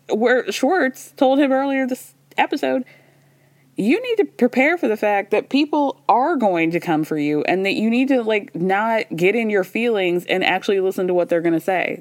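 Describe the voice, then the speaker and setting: A woman hosting a podcast, casually recapping a reality show in a gossipy, animated way, laughing often and quoting people in quick little voices. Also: mid-range voice, dry recording.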